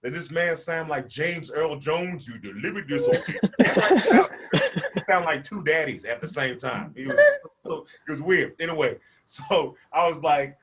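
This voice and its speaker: A young adult man performs a stand-up comedy set. His voice is bright and full of pitch swings, and he jumps into loud, squealing character bits between his storytelling. He laughs at his own lines as he goes. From American, born in Portland, raised in Memphis.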